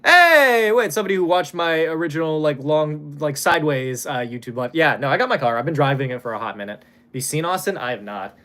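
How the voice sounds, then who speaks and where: Young male streamer, lively chatter, casual swearing, fairly high voice. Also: fairly quick. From Hawaii. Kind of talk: casual live-stream chat reading donations.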